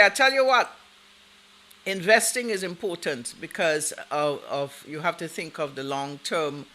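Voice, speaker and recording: A man hosting a radio show, chatting casually, giving shout-outs to listeners and offering folksy advice, laughing easily. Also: fairly high pitch.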